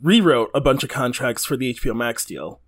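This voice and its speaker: A man's voice: medium pitch, expressive, a little fast, husky. A man co-hosting a podcast in casual chat, rambling, swearing freely and laughing often. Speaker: podcast co-host.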